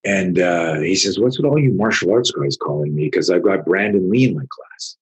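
A man, a martial arts instructor in his fifties or older, telling a story in casual conversation, animated and profane, acting out what people said. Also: low-pitched, normal speed, slightly rough, low-quality recording. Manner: animated, profane, acts out quotes.

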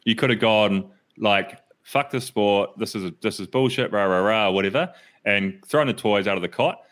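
A man's voice: fairly low pitch, normal speed, a bit bright. A man hosting a podcast, talking casually with enthusiastic, sweary praise for his guest. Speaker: podcast host.

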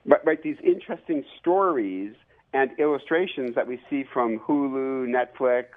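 A man, an author and professor, telling lively stories with many fillers as a guest on a radio interview. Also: medium pitch, moderate pace. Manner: lively, animated storyteller with fillers. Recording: tinny phone line.

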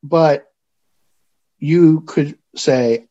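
A man working as a counselor, explaining things in a calm, measured way during a podcast interview. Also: fairly high pitch, muffled recording.

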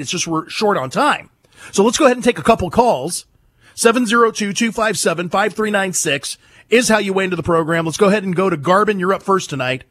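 A man hosting a political talk radio show, combative and mocking with a husky voice. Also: high voice, a bit bright. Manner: combative, mocking, rapid-fire.

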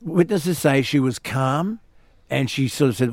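Australian male radio host, animated storyteller, dry close mic. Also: fairly high pitch, moderate pace, no room sound. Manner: animated storyteller, acts out quotes. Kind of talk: storytelling on a talk radio show.

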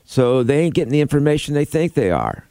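A man's voice: on the high side, sing-song, fast talker, vocal fry, mellow, dry recording, studio quality. A man co-hosting a morning radio show, chatting wryly with his partner. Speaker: radio co-host.

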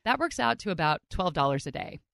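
A woman podcast host narrating in a chatty, expressive way. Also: on the low side, a little fast, creaky, no room sound, clean studio sound. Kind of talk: scripted narration.

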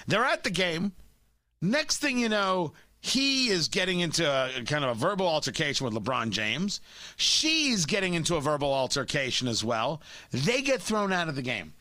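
A man's voice: a little high, big pitch swings, normal speed, pushed and bright, no room sound. A man hosting a talk radio show, blunt and combative, often stumbling into restarts.

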